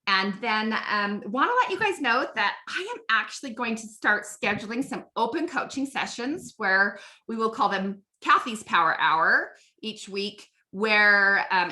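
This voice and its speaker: A woman's voice: mid-range voice, pushed and bright. A woman coaching a live online group on network marketing, chatty and upbeat, often asking "right?".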